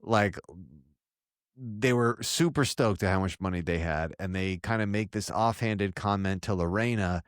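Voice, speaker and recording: A man co-hosting a podcast, recapping an old sitcom episode in a rambling, relaxed way. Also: fairly low pitch, moderate pace, dry recording, clean studio sound. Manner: rambling, relaxed storytelling with fillers. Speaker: podcast co-host. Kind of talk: casual recap chat.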